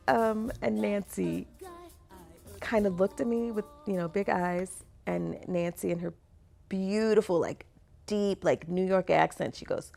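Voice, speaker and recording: Lively middle-aged woman telling stories. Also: medium pitch, unhurried, creaky, faint music behind. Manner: animated, acts out voices in her anecdotes, laughs often. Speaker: actor and singer. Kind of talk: conversational interview storytelling.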